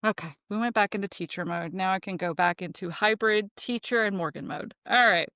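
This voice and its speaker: A woman hosting her own podcast, talking casually and swearing a lot, fired up and ranting, then calming herself down. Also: mid-range voice, a little fast, dry recording, clean studio sound. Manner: profane, animated, ranting then self-calming. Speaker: podcast host.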